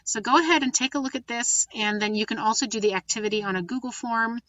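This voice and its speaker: A woman's voice: fairly high pitch, fast, fairly bright tone, dry recording, dull audio. Woman teacher planning a lesson aloud. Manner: thinking aloud, with many ums and restarts. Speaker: Spanish teacher. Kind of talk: recorded classroom lesson walkthrough.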